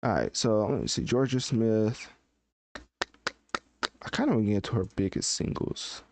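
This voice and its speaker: A man's voice: on the low side, normal speed, gravelly, pauses often, darkish tone. Chatty man hosting a live podcast. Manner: chatty, thinks aloud while searching. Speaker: podcast host. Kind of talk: casual live-stream commentary.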